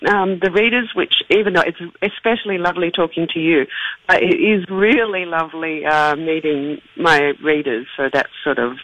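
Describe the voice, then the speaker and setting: An Australian woman guest in a casual interview, hesitant, with many ums and soft laughs. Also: on the low side, normal speed, no room sound, poor audio. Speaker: author guest.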